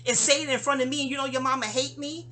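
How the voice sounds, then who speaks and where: A woman tells a story from her life in a casual, profane monologue. Her voice is bright and clear, and she jumps high and low when she acts out what people said. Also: quick pace. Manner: animated, acts out quotes with big pitch jumps; profane, conversational asides. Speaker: audio diary storyteller.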